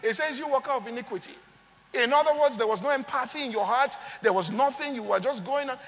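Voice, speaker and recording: A man's voice: extremely high pitch, fast. A man preaching a sermon, telling stories with energy and often asking the crowd if they follow him. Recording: long hall reverb, dull lo-fi sound.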